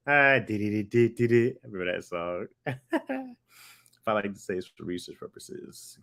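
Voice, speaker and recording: A young man hosting a loose livestream chat. His voice sits low but swings up high when he gets excited. He talks in slang, stretches words for emphasis and laughs often. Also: unhurried, vocal fry. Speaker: livestream host reading chat.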